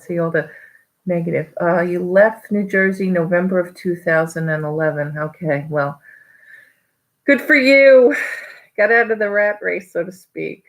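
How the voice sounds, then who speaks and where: A woman with a New York accent chatting casually on a live stream, rambling and quick to laugh. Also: on the low side, rough recording. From New York area. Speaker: online reseller vlogger.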